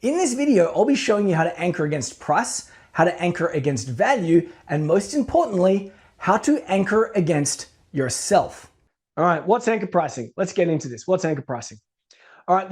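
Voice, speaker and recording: A man teaching business pricing to camera in a casual, animated way, acting out the people in his stories. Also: sits high, normal speed, breathy edge. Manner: animated storytelling, acts out quoted people. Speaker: business educator.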